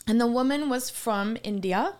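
A woman co-hosting a podcast, telling a story in casual chat, animated and laughing as she acts out what people said. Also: on the high side, normal speed, clean tone. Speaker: podcast co-host.

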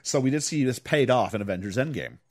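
Male podcast host, animated storyteller, expressive pitch, dry close mic. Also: fast talker, dry recording. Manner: animated storyteller, acts out lines and hums tunes. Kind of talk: casual chat recapping a film.

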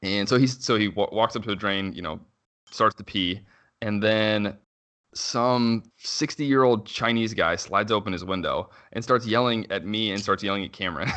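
A man's voice: lowish voice, fairly even intonation, sharp tone. A man, a father, in his thirties, chatting casually and rambling with lots of fillers and restarts. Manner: rambling, frequent "like" fillers and self-restarts, quick laughs. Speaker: father telling a story. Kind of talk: casual conversational chat.

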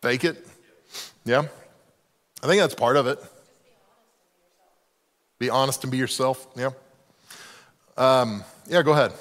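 A man teaching a leadership class to a live group, telling stories in an animated way and acting out the voices of the people he quotes. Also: mid-range voice, unhurried, long pauses. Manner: animated, acts out quoted voices, self-deprecating. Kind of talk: storytelling talk to a live group. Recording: long reverb of a hall.

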